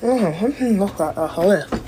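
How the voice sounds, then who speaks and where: A woman's voice: mid-range voice, expressive, slow pace, noisy background. A Jamaican woman talking straight to her viewers in a rambling, emotional rant full of swearing. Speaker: content creator. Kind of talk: casual talk to camera.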